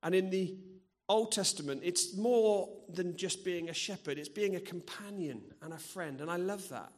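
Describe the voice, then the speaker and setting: A man's voice: sits high, moderate pace. A middle-aged man preaching in a church, earnest and personal, sharing stories from his own life. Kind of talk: sermon.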